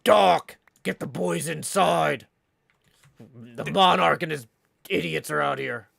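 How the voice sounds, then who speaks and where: A woman doing a deep gruff cartoon bodyguard. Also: no echo, heavily acted. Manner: deep exaggerated impression, slow. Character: gruff big-voiced male cartoon bodyguard. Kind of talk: livestream impression.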